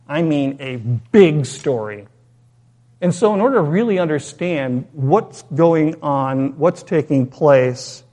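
A man's voice: mid-range voice, warm tone. A man preaching a sermon as a pastor, reading scripture, praying and telling a story in a conversational way, with rhetorical questions.

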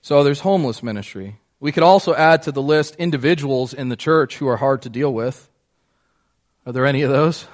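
A man with a slightly higher-than-average voice preaches to his congregation. He talks in a relaxed, conversational way and keeps checking in with listeners. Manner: conversational, asks the congregation questions, chuckles. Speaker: pastor. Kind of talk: sermon.

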